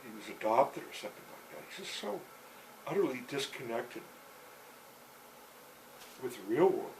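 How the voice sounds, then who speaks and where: An older man spins a story aloud in a halting, rambling way, full of fillers and restarts. His voice sits in an ordinary middle pitch. A faint noise hangs under the recording. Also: sing-song, darkish tone, rough recording.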